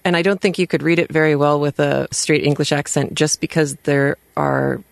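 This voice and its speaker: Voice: medium pitch, level tone, normal speed, creaky, no room sound. A podcast co-host chatting playfully and laughing often. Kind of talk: casual discussion.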